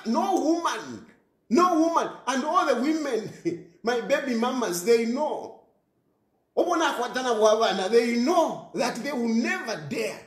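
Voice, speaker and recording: In an echoey room, a Zambian-accented man with an extremely high voice delivers an impassioned monologue as a commentator. He rants scornfully, scoffing, repeating phrases and mixing in local words.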